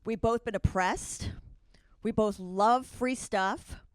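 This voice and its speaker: A woman doing a stand-up comedy set with a brisk, conversational delivery and wry asides. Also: medium pitch, clear, resonant tone, no room sound. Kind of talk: stand-up set, then a short chat with the host.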